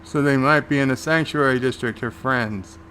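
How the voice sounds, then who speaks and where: A man's voice: mid-range voice, normal speed, pushed and bright, slight background noise. A man hosting a live watch-along, casually recapping scenes and paraphrasing the characters' lines. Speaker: show host and reviewer.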